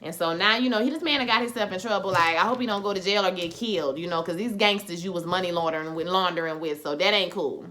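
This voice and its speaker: Chatty woman with a bright voice. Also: on the low side, fast talker, few pauses. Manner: chatty retelling full of slang and fillers. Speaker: TV episode recap reviewer. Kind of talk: casual spoken recap and review.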